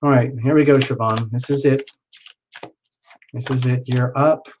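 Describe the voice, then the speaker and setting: A man's voice: mid-range voice, fairly even intonation, moderate pace, highs cut off, background noise. A man hosting a live tarot reading, chatting and rambling as he reads out viewers' names.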